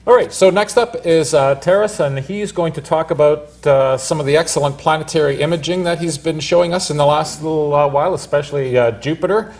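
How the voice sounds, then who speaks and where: Guy hosting a meeting, slightly high voice, easy intro with some uhs. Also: a little fast, few pauses. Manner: relaxed with fillers. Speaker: meeting host. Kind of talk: introducing a speaker. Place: club meeting room.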